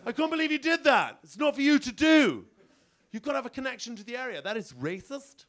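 A man voicing a snooty young male elephant who whines and shouts in outrage. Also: very high voice, lively intonation, brisk, voice pushed up. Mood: outraged. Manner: whiny, outraged, shouting complaints.

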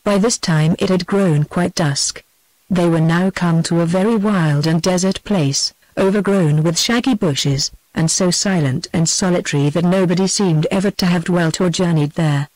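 A text-to-speech woman's voice with a British accent, reading a storybook aloud in an even, synthetic cadence. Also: on the low side, moderate pace, no echo, poor audio. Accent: British English. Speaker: audiobook narrator. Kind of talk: text-to-speech audiobook narration.

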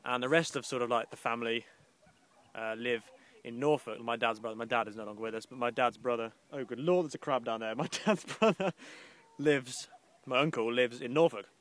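A young man from the English Midlands vlogs outdoors on the coast with a handheld camera, rambling and grumbling sarcastically and slipping into mock posh voices. His voice is mid-range, slightly bright and a little fast, with a steady tone. It's a casual outdoor vlog.

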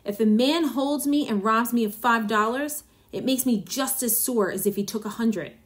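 Brief: woman voicing ruthless middle-aged husband, gruff, smug, harsh storybook villain. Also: on the high side, normal speed, lightly acted. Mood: cold, smug.

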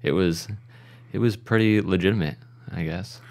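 A man's voice: sits low, normal speed, darkish tone. A young man co-hosting a podcast, laid-back in casual chat, often with short replies. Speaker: podcast co-host.

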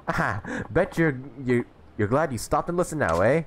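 A man's voice: mid-range voice, animated, measured pace, background noise, pitched above the performer's own voice, natural voice. A man voicing a cocky, boisterous old English drunk who lectures a younger man. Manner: jovial, teasing, laughing.

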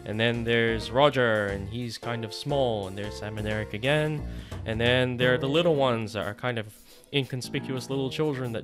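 A man giving a casual, playful summary of a novel, full of mock-dramatic asides. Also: mid-range voice. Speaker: online book explainer. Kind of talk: casual comic book summary.

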